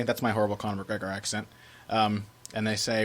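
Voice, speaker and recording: A man co-hosting a podcast in casual chat, lively and emphatic, often breaking into laughter. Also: on the low side, a little fast. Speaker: podcast co-host.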